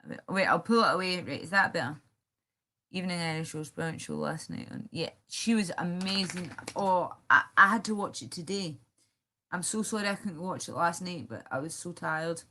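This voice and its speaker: A woman's voice: fairly low pitch, normal speed, pushed and bright. A young woman hosting a casual livestream, rambling as she reads viewer comments aloud and answers them. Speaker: livestream host.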